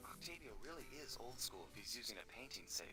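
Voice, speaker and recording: A man voicing a suave, cool male raccoon master thief, smooth and confident, in video game dialogue. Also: mid-range voice, very animated, quick pace, lightly acted. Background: game music.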